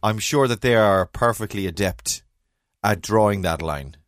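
An Irish man co-hosting a casual chat, talking in a rambling, deadpan and tangential manner. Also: lowish voice, normal speed, no echo, studio quality. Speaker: podcast co-host.

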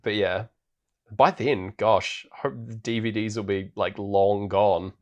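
A man's voice: lowish voice, steady tone, slow pace, dull audio. A man co-hosting a podcast, recapping a movie in casual chat, full of fillers and frequent laughter. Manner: rambling, laughs often, many fillers. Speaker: podcast co-host. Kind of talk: casual film-review chat.

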